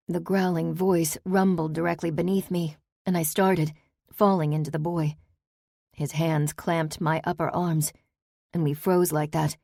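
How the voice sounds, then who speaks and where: A woman narrating a first-person fantasy audiobook with a low, mellow voice. Her reading is steady and measured, with a quiet tension. The recording is dry and close. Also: no room sound.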